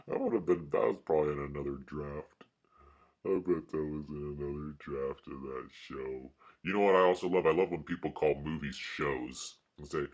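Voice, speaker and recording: A man's voice: extremely low pitch, moderate pace. A man vlogging and rambling casually in a wry, mock-grumpy way. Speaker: art vlogger.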